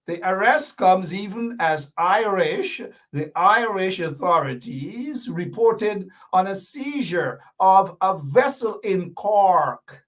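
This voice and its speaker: A man with a high voice hosts a lively commentary show. He hammers his points home and repeats them, with sarcastic asides along the way. He sits a little away from the microphone. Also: a little slow, far from the mic. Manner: emphatic, repetitive, sarcastic asides. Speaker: host. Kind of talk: animated political commentary show.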